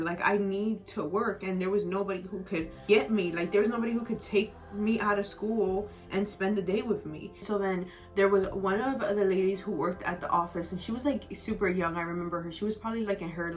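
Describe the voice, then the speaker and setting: A young woman vlogger telling a personal story in a rambling, emotional way, full of "like", tearful at times. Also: mid-range voice. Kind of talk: storytime vlog.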